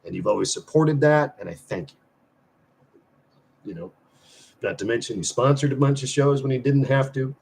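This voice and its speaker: A man hosting a casual live stream and chatting loosely with viewers. He swears freely, rambles with restarts, and swings between loud bursts and mumbled asides. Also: medium pitch, normal speed, creaky, pauses often. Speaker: livestream host; semi-retired musician.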